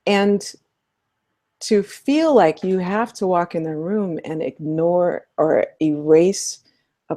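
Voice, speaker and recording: A middle-aged woman, a social justice educator, talking things through thoughtfully in an interview, animated and quick to laugh. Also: lowish voice. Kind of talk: conversational interview.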